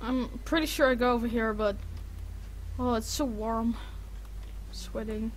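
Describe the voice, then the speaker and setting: Woman gamer freaking out at a horror game, slow talker, high bright voice. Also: slight background noise. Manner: panicky, swearing, talks to herself. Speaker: gaming streamer. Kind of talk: horror game let's play commentary.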